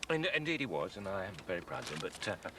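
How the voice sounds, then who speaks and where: A man's voice: low-pitched, big pitch swings, quick pace, distant mic, noisy background. An actor playing a pompous, stiffly formal middle-aged man organising a street party. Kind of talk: soap opera acting.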